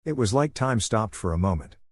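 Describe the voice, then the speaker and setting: A man narrating a first-person drama story in a calm, cool tone. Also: on the low side, fairly quick, breathy edge, no echo, clean studio sound.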